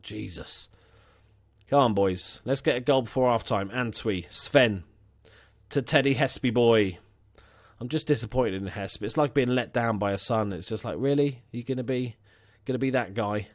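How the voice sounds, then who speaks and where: A man's voice: medium pitch, moderate pace. Chatty swearing game commentator man. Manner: chatty, swears freely, excitable bursts over the game. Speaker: gaming channel host. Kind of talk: casual football management let's play commentary.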